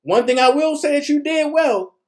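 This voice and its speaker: A man's voice: extremely high pitch, animated, moderate pace, a little mellow. A man giving casual commentary as a vlogger, talking in slang and reading documents aloud.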